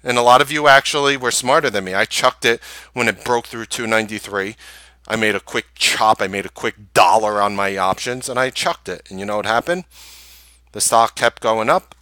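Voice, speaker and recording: A man host recapping a trading day and pitching his course, emphatic and full of rhetorical questions. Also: pushed and bright, no echo.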